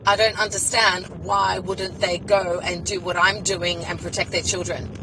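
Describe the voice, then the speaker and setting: A woman's voice: on the low side, flat delivery, normal speed, background noise. A woman student speaking earnestly and hesitantly as a guest. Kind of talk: casual conversation.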